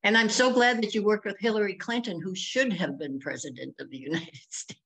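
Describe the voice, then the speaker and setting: A woman in the audience offering warm, admiring remarks to the speaker. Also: medium pitch, brisk, creaky, husky. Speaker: audience member.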